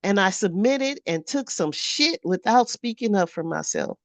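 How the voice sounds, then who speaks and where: A woman's voice: mid-range voice, lively intonation, unhurried, no echo. A woman in her fifties reading her own journal aloud in a candid vlog. She talks frankly, swears freely and often laughs at herself. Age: 50s. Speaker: vlogger.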